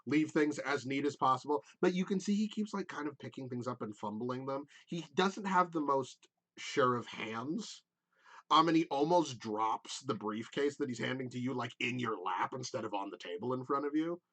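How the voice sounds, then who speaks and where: Game master, man, bright voice, rambling narration full of fillers. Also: mid-range voice, animated, normal speed. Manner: rambling, lots of "like" and "um".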